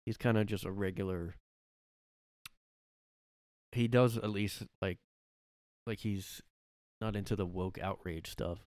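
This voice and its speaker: This podcast host speaks in a deep, steady, slightly mellow voice at a measured pace, pausing often; the sound is studio quality and echo-free. Alone in his home room, he wanders through a casual show, full of filler words, restarts and corrections of himself, and he laughs a lot.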